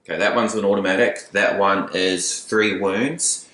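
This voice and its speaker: Man, tabletop game commentary, deep-ish voice, casual, joking asides. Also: moderate pace, fairly bright tone, roomy sound, slight background noise. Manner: casual, chatty, with playful asides. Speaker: battle report host.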